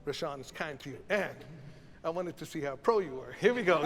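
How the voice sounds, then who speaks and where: A man's voice: on the high side, expressive, brisk, music in the background. Man coaching a choir in a reverberant hall. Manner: encouraging, reflective, coaching. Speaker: choral conductor. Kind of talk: teaching a choral masterclass. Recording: reverberant hall, faint ambience.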